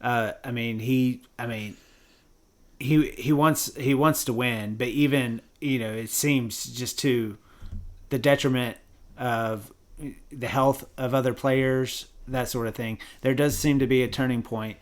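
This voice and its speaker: A man's voice: mid-range voice, fairly even intonation. A man hosting a podcast, chatting casually and thinking aloud, with many restarts and agreeing asides. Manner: halting, lots of fillers and restarts, frequent yeahs. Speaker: podcast host. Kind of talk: casual chat.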